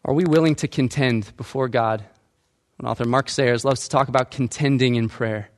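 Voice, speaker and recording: A man's voice: medium pitch, fairly even intonation, normal speed. A male pastor preaching a sermon, asking the congregation questions and acting out quoted lines.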